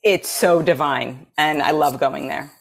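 A woman's voice: deep voice, measured pace, vocal fry. An American woman guest chatting enthusiastically and gushing about things she loves. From United States. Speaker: guest astrologer. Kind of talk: casual chat.

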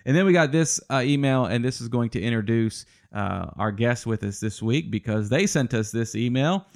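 A man's voice: mid-range voice, lively intonation, normal speed, vocal fry, a little mellow. A man hosting a family podcast over a video call, joking and teasing his guests. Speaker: podcast host. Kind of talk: casual chat.

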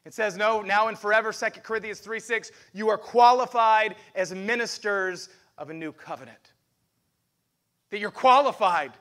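High bright guy preaching a sermon, animated, throws questions at the crowd. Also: moderate pace. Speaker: pastor.

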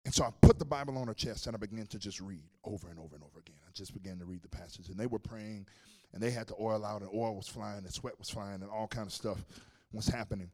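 A male pastor preaching a sermon, telling a story with animated swings between loud and hushed. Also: on the low side, fast talker.

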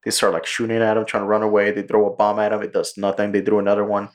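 A man co-hosting a podcast, casually retelling a movie plot with lots of swearing and quick character voices. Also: fairly low pitch. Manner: profane, animated storytelling with quick character impressions. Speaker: podcast co-host.

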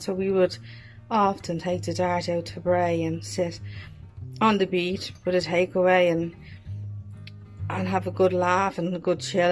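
A woman quietly reminiscing about a close friend in a personal tribute. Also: on the low side. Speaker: friend sharing memories.

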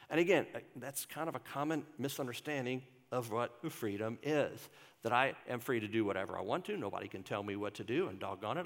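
Older man, pastor, conversational sermon, mid-pitched voice, long hall reverb. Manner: conversational, asks the congregation questions. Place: church sanctuary.

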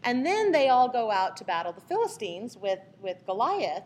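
A woman leading a casual Bible study, retelling the story in a lively way and acting out the people in it. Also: on the high side, normal speed, husky. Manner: animated, acts out the people in the story.

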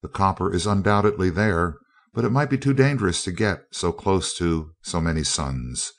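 A quiet, cautious man, voiced by a male reader in a spoken storybook. He speaks in a measured, formal manner, with a low, deep voice. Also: lively intonation, creaky.

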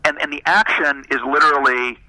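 Bright-voiced man in animated chat. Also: fairly high pitch, fairly quick, slight background noise, rough recording. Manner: animated, self-deprecating storyteller. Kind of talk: casual chat.

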